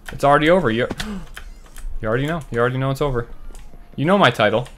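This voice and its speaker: A man giving running commentary on his own gameplay, muttering to himself and breaking into loud, frustrated outbursts. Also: mid-range voice, fast talker, a little hiss or hum. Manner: talks to himself while playing. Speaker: gaming channel host.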